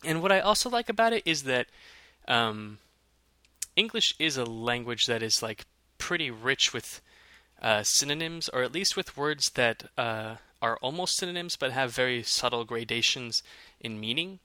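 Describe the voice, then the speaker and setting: A man co-hosting a casual chat, talking in a relaxed way with many fillers and restarts. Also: medium pitch, moderate pace, dry recording.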